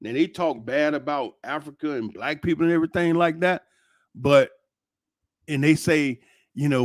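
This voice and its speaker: A man's voice: on the high side, normal speed, no room sound, studio quality. A middle-aged man telling stories to his channel in a loose, rambling monologue, full of restarts and exclamations. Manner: animated, rambling storyteller with frequent restarts and exclamations. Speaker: channel host. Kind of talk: casual commentary monologue.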